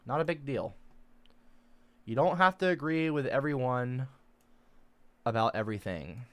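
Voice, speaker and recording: A man chatting casually as a streamer reading out his chat, lively and rambling, quick to get defensive. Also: medium pitch, no echo.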